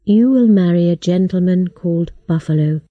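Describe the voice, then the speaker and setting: A woman voicing a sad, gentle father who resignedly tells his daughter she must marry. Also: fairly low pitch, moderate pace, dry recording, narrow, tinny audio, close to an everyday voice.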